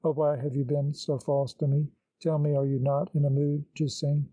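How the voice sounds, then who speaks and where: Nervous apologetic organist guy, read by a man, pleading, low dark voice. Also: flat delivery, moderate pace, dry recording, natural voice, poor audio. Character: nervous, troubled male organist.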